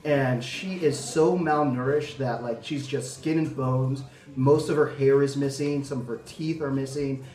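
A man's voice: medium pitch, fairly even intonation, measured pace, mellow. A young adult man in casual podcast chat, telling a story earnestly with many fillers. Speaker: podcast panelist. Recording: roomy, from a distance.

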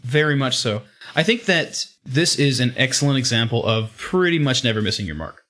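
Animated, lively man recapping a comic. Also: mid-range voice, fairly quick. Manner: animated, laughing storyteller acting out scenes. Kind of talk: casual podcast chat about a comic.

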